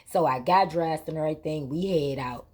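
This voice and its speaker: A woman's voice: sits low, moderate pace. A woman hosting her own vlog, telling a story in casual, colloquial speech with emphatic repetition. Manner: emphatic, repetitive retelling with lively quoted exchanges; colloquial, vernacular grammar. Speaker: vlog host.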